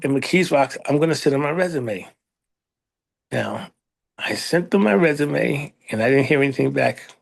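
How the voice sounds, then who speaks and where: A middle-aged American man telling a story in a casual interview, animated, acting out other people in a raised voice. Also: a little high, moderate pace, creaky. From United States. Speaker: librarian, interview guest.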